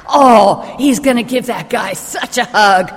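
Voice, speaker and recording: A woman's voice: a little high, measured pace, big-room sound, faint music behind. A woman preacher giving a sermon as a vivid, imaginative retelling of a story.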